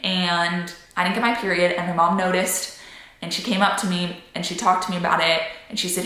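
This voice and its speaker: A woman's voice: on the low side, unhurried, sharp tone, very echoey. A young woman vlogger telling a personal story to camera, candid and chatty with lots of "like" fillers.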